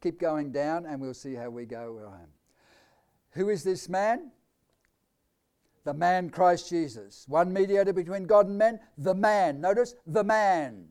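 Preaching live with an Australian accent, this man keeps a measured pace in a high voice. He puts questions to his congregation and alternates between booming statements and soft asides.

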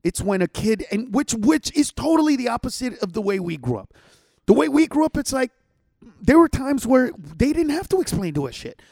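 A man's voice: extremely high pitch, normal speed, vocal fry, no room sound, studio quality. A man who is a stand-up comedian, ranting in casual podcast chat, full of swearing. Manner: profane, animated ranting.

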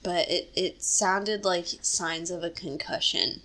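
A woman's voice: fairly low pitch, takes it slowly, bright, forceful tone, a little hiss or hum. A woman in a casual book discussion who chimes in with short reactions and explains her thoughts on the story.

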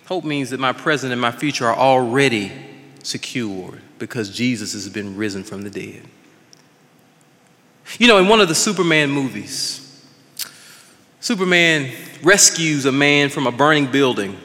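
A male pastor preaching an impassioned sermon, swinging between loud declarations and hushed passages. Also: mid-range voice, animated, moderate pace, in a large hall.

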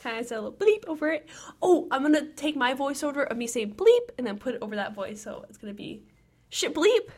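A young woman co-hosting a podcast in casual chat, bubbly and excitable, often giggling. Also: high-pitched, quick pace. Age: young adult. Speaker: podcast co-host.

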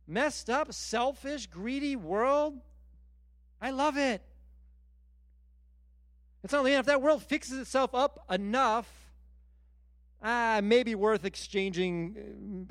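A middle-aged man delivers a sermon in a high, light voice. He talks with animated emphasis, stacking repeated words and restarts as he presses each point. The sound is dry and close, with little room around it. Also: no room sound. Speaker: pastor.

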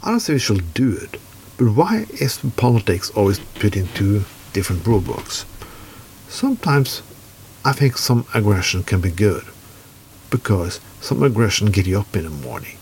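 A man's voice: fairly low pitch, very animated, normal speed, darkish tone, slight background noise. A man from Norway with a Norwegian accent, giving a furious political rant full of swearing. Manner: heavy swearing, furious and blunt.

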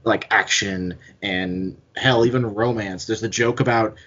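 A man's voice: lowish voice, steady tone, measured pace, fairly bright tone, slightly rough, highs cut off. A man co-hosting a podcast, talking casually and rambling as he thinks aloud. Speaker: podcast co-host. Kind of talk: casual chat.

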